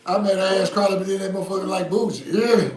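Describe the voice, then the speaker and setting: A man hosting a podcast, telling a story in casual, profane chat with loud outbursts. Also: sits high, fairly even intonation, very fast. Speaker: podcast host. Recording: roomy echo.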